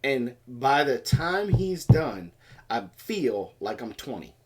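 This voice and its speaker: A man's voice: medium pitch, big pitch swings, takes it slowly, slightly rough. A man co-hosting a livestream, telling a story in casual chat and acting out other people's voices and sounds. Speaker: co-host of a homestead livestream.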